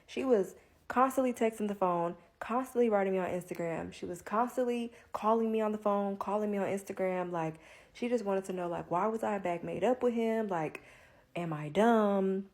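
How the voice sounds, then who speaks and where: A woman telling a long personal story in a casual, candid monologue, profane and rambling, filling nearly every pause with "like.". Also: medium pitch, darkish tone. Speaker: storyteller vlogger.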